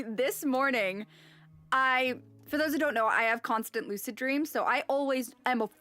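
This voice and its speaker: A bright, high-pitched young woman chats on a stream, her voice leaping up and down as she giggles. She reads chat aloud into a desk mic. Soft game music plays faintly behind her.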